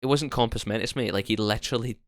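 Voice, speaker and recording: A young man, co-hosting a podcast and telling animated, sweary stories, acting out both sides of each exchange. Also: mid-range voice, fast, no room sound, studio quality. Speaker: podcast co-host. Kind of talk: casual storytelling chat.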